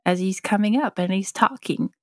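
A woman co-hosting a podcast in casual chat, talkative and quick to laugh. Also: mid-range voice, no echo, clean studio sound. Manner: chatty, laughs often, quick asides. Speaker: podcast co-host.

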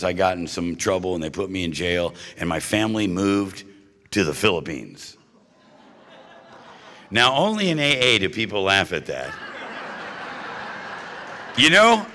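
A man's voice: low voice, sing-song, moderate pace, pauses often, pushed and bright, slight background noise. Joking man in a reverberant hall. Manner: punchy and joking, keeps asking the audience "right?" and "you know?". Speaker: speaker at a recovery meeting. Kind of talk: humorous personal-story talk to a live audience. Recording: live talk with long hall reverb.

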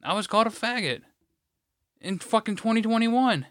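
A man's voice: high voice, animated, normal speed, fairly bright tone, no room sound, studio quality. A man co-hosting a podcast, telling stories in a profane, ranting way. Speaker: podcast co-host. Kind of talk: casual chat.

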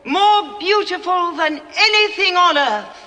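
A woman's voice: very high voice, expressive, a little slow, pushed and bright, exaggerated voice. An actress playing a proud queen in a film drama who speaks in a solemn, ceremonial way. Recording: reverberant hall with film score.

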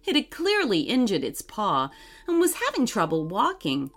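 Expressive woman reading a children's story. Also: mid-range voice, normal speed. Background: faint music.

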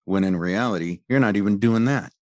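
A former medic, a man with a lowish, darkish voice, tells an angry personal story at a brisk pace, rambling and swearing heatedly throughout. The recording is dry.

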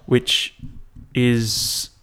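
A man's voice: very slow, fairly bright tone, slight background noise. A young man, hosting a podcast alone and chatting casually in a rambling, self-mocking way with plenty of swearing. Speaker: podcast host. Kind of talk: casual solo podcast chat.

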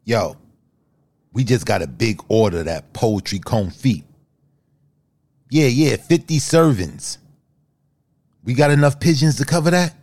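A man voicing a brash young male line cook who talks loud, slangy kitchen talk in a comedy sketch. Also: medium pitch, animated, unhurried, long pauses. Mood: hustling.

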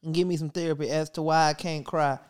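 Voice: mid-range voice, level tone, fast talker, darkish tone, smooth. A podcast host in casual chat, telling stories in a joking, slangy way and acting out their own thoughts.

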